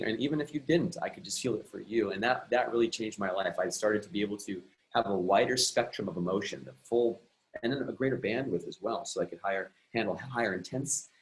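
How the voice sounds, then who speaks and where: A man whose voice sits on the low side, captured in a rough recording, is a guest emotional and relationship coach. Earnest and reflective, he tells a personal story and keeps restarting his sentences.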